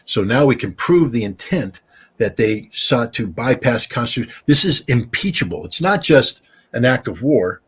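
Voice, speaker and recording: A man's voice: mid-range voice, normal speed, husky. A middle-aged man, a former weapons inspector, talking emphatically in a casual interview. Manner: emphatic, animated storyteller.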